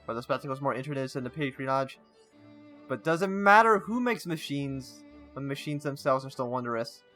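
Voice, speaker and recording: A man's voice: mid-range voice, lively intonation, a little fast, fairly bright tone, soft background music. A man playing a story game, reading its text aloud with stumbles and breaking off into casual asides. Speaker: gaming channel host.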